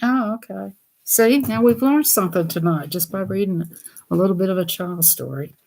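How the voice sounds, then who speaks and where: A woman's voice: medium pitch, gravelly, a little mellow. A woman, reading children's books aloud in a chatty, giggly way and talking to her viewers. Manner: chatty, giggly, talks to viewers, reads slowly. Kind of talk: casual read-aloud chat.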